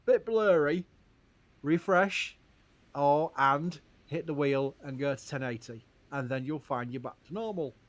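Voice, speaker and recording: A man hosts a casual live-stream Q&A, reading viewer questions aloud. His voice sits somewhat high. He answers with care, stresses what he doesn't know, and breaks into short laughs between points. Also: unhurried.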